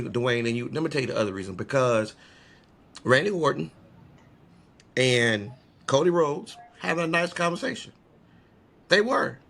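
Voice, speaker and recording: A man co-hosting a podcast in casual chat, animated and rambling, often breaking into laughter. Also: a little high, gravelly. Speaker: podcast co-host.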